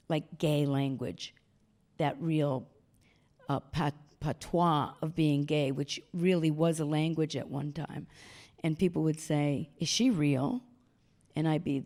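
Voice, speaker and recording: Older woman telling lively stories. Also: sits low. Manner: animated storyteller acting out quoted voices. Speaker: guest speaker. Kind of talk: storytelling talk. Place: stage talk before an audience.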